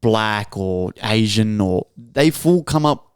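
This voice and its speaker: A man's voice: on the low side, expressive, slow pace, smooth, no room sound, clean studio sound. A man co-hosting a casual podcast chat, loose and blunt, swearing freely. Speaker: podcast co-host.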